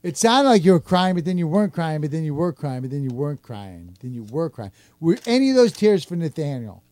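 A man's voice: fairly high pitch, very animated, a little fast, darkish tone. A man co-hosting a podcast, needling a colleague with wry questions. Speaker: podcast co-host. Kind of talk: podcast banter.

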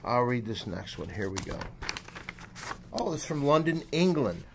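A man's voice: mid-range voice, sing-song, moderate pace, gravelly, slight background noise. A man hosting a comedy show, wryly directing the others while going through mail. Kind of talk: casual chat, reading mail.

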